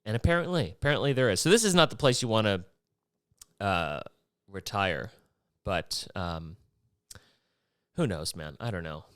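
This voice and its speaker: A man's voice: lowish voice, lively intonation, normal speed, long pauses, smooth, no echo, clean studio sound. A man from Maryland hosting a casual solo podcast, rambling and profane and jumping between topics. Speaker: podcast host.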